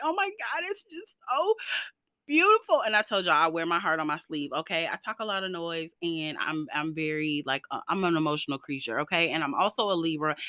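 A young woman hosting her own podcast, chatting in an animated, rambling way with playful slang. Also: medium pitch, dry recording. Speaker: podcast host. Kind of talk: casual solo podcast chat.

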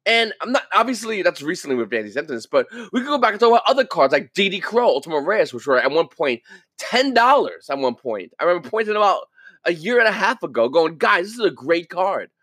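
A man with a high, lively voice talks straight into the mic in a casual podcast monologue. He keeps it animated and slips into character when he quotes other people. The sound is dry and close. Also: fast, husky, no room sound. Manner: animated, acts out quoted viewers. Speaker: podcast host.

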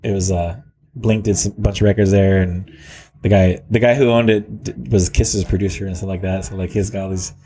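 A man with a somewhat low voice chats loosely about music, drifting between thoughts. He stalls, restarts, and leans on fillers as he tells his story. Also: fairly even intonation, mellow. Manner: rambling, halting, lots of "like" and restarts. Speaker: musician guest. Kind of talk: casual chat.

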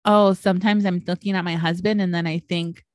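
A woman's voice: on the low side, fairly even intonation, a little fast, darkish tone, no room sound, studio quality. A woman in her late twenties co-hosting a podcast, telling stories in casual chat with lots of swearing and laughter. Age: late 20s. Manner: profane, laughing storyteller. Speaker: podcast co-host.

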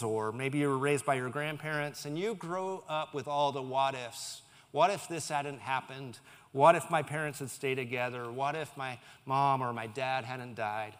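A man's voice: a little high, fairly bright tone, big-room sound. A male pastor giving a sermon in a conversational way, with joking asides to the congregation.

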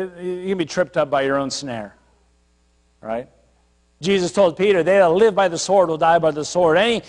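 Brief: pastor at the pulpit, talky and storytelling, lightly raised voice, echoing sanctuary. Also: male voice, sits high. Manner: conversational preaching, retelling scripture with acted asides. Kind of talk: sermon.

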